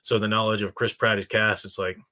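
A man with a bright, forceful voice that sits a little low, rambling through an opinionated live-stream chat. He stops and restarts his sentences often, then lands on blunt points and turns to his viewers for answers. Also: level tone, a little fast. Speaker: streamer host reading chat.

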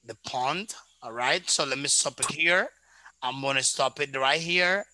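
A man's voice: medium pitch, measured pace, pushed and bright, no echo, low-quality recording. A man teaching English in an online lesson, repeating vocabulary back and patiently explaining pronunciation.

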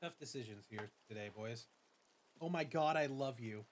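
A young man streaming a game, commenting in an excitable, gushing way with swearing and dramatic self-mockery. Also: mid-range voice, moderate pace, soft background music. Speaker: gaming streamer. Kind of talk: let's play commentary.

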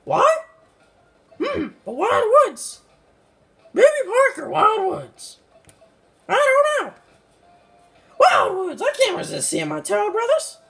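A man voicing a hyper, boastful little male mushroom kart racer with a squeaky voice and a slight southern twang, excitable and yelping at every mishap during game commentary. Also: takes it slowly, gravelly, pauses often, full character voice. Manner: excitable, yelps and complains at mishaps. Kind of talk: let's-play game commentary in character.

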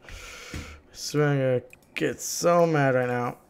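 A man giving excited gameplay commentary, exasperated and shouting at the characters on screen. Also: mid-range voice, a little slow, creaky. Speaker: gaming channel host.

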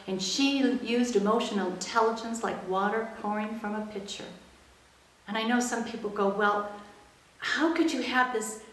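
A woman's voice: mid-range voice, slight background noise. Earnest woman telling her story, echoey room. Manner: earnest, reflective, softens into quiet quoted speech. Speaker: interview guest, emotional intelligence expert. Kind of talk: personal storytelling in an interview.

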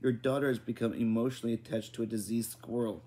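A man voicing an exasperated, bossy mother who spells her words out slowly and firmly. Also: mid-range voice, steady tone, mellow, lightly acted. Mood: insistent. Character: exasperated bossy mother, middle-aged woman.

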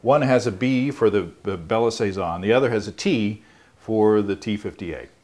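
A man's voice: on the low side, normal speed, darkish tone. A man hosting a home brewing show, explaining in a rambling casual way with many fillers and restarts. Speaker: show host. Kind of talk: casual chat.

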